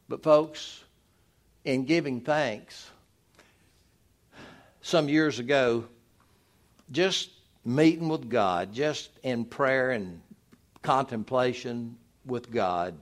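A pastor, preaching a sermon in an emphatic, exhorting manner. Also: male voice. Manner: preachy, emphatic, rising to loud exhortation then dropping low.

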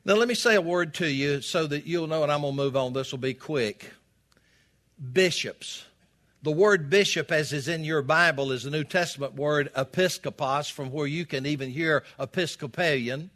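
A man's voice: on the high side, normal speed, fairly bright tone. A man preaching a sermon as the pastor of a Baptist church, folksy and emphatic, speaking to a congregation in a church. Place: church sanctuary.

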